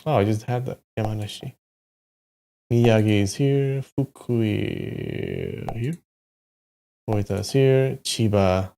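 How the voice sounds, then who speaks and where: Gravelly, slow-talking male streamer. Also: fairly low pitch, very animated, warm tone. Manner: muttering place names to himself, with sudden frustrated outbursts and swearing. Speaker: live streamer. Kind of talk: casual live-stream commentary while playing a map quiz.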